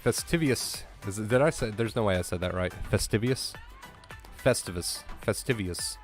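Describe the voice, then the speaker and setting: Male streamer, lower register, casual and emotional, voice cracking with gratitude. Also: fast, soft background music. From US East Coast. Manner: emotional, effusive thanks to viewers. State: voice breaking with emotion. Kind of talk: casual live-stream chat.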